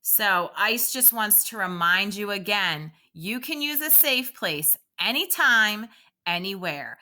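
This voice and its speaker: A woman teacher reads aloud to young children at an unhurried pace, leading a calming exercise in a sing-song way. Her voice is bright and clear, and it rises and falls a great deal. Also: mid-range voice.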